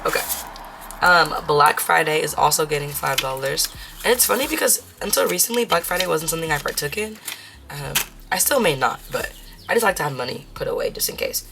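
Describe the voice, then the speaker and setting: A woman's voice: low voice, lively intonation, brisk, creaky, pushed and bright, a little hiss or hum. A young woman vlogging about her budget in a chatty, casual way, counting bills aloud and mixing in Spanish phrases. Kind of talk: casual chat while counting cash.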